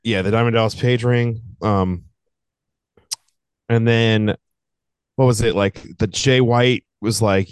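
Low, smooth-voiced man recapping wrestling. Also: steady tone, takes it slowly, pauses often, dry recording, studio quality. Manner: laid-back, sarcastic recapping with fillers. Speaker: podcast co-host. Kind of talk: casual wrestling podcast chat.

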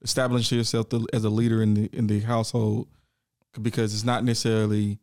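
A man's voice: fairly low pitch, flat delivery, darkish tone, no room sound, studio quality. A young man co-hosting a podcast, thinking aloud in casual chat and often stopping to restart his sentences. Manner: reflective, halting, restarts often. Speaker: podcast co-host.

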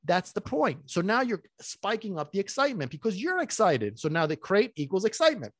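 A man's voice: sits high, big pitch swings, a little fast, no echo, clean studio sound. A man hosting a dog-training podcast in a casual, chatty monologue, full of rhetorical questions and asides.

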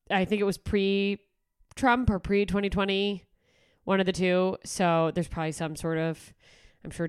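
A woman's voice: fairly low pitch, clear, resonant tone, dry recording, studio quality. A woman podcast host who rambles, swears and laughs a lot in casual chat. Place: moving car.

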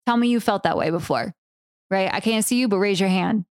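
A woman in her thirties hosts a solo podcast, talking casually with plenty of swearing and "like" fillers. Her voice sits at a middle pitch and leaps upward when she stresses a point. The recording is dry and close, with no room sound. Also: a little fast, dry recording. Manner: casual, swears freely, many "like" and "right?" fillers; animated, jumps up in pitch for emphasis. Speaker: podcast host and business coach.

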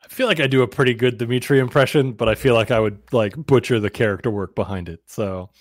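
A man playing his character in a tabletop role-playing game, playful and quick to laugh. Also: mid-range voice, no room sound, clean studio sound. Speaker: player.

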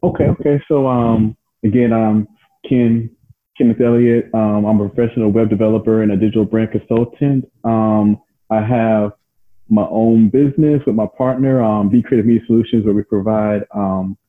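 A man's voice: lowish voice, steady tone, normal speed, narrow, tinny audio. A man speaking as a guest on a podcast, friendly and easygoing, laughing often and using fillers. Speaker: guest, web developer. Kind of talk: casual interview chat.

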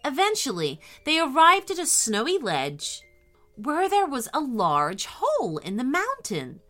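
A woman reading a bedtime story aloud in a slow, expressive, gentle way. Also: high voice, faint music behind.

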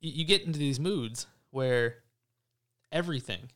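A man hosts a relaxed podcast conversation, his voice clear and smooth at an ordinary pitch. He rambles through stories in a snarky, profane way, restarting his sentences as he goes. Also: normal speed. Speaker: podcast host. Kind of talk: casual podcast chat.

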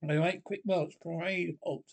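A barking army drill sergeant. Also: male voice, on the high side, fairly even intonation, unhurried, creaky. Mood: commanding. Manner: barks parade-ground drill commands. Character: stern middle-aged male army drill sergeant. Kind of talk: 1950s British film comedy acting.

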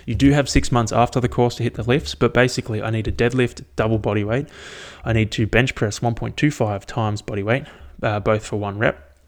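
A man's voice: mid-range voice, fairly even intonation, a little fast, hardly any pauses. A young man casually recapping his training, rambling and swearing freely in an upbeat way. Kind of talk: casual chat.

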